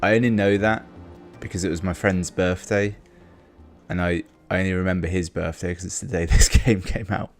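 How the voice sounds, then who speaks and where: Man, low voice, gravelly, casual game commentary, faint music behind. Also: steady tone, normal speed. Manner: rambling, wry asides. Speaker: let's play host.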